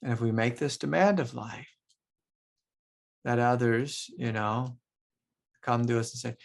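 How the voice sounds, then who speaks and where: A man, a spiritual teacher, giving a loose, reflective talk, often saying "like" and laughing softly. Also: mid-range voice, measured pace, vocal fry, pauses often.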